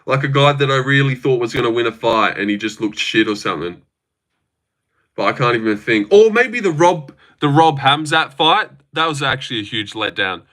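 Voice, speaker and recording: A man's voice: mid-range voice, expressive, moderate pace, fairly bright tone. A man streaming live, answering chat in a blunt, opinionated, casual way and swearing often, while putting on a fake voice. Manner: says he is using a fake voice.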